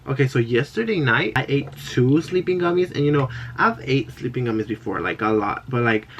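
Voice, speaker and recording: A man's voice: medium pitch, slight background noise. A young man vlogging casually at home about makeup, chatty and bubbly, drifting into tangents. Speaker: beauty vlogger. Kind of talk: casual vlog chat.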